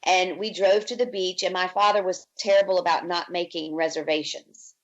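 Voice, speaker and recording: With a fairly low pitch and moderate pace, a woman from Virginia relates her life in a podcast interview, bringing quoted people to life by voicing them. The sound is lo-fi.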